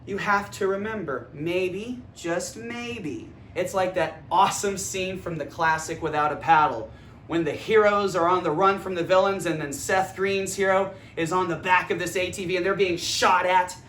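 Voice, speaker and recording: A man with a high voice gives a rambling, energetic monologue, swearing freely as he goes. He records on his phone in a room. The room echoes, and faint noise sits underneath. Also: normal speed. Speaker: vlogger. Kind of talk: casual philosophical monologue. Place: indoor room.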